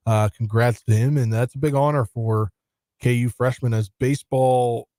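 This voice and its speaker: A man co-hosting sports talk radio, reading headlines briskly with casual asides. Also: medium pitch, fairly even intonation, dark tone, no room sound, studio quality. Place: radio studio. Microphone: studio microphone.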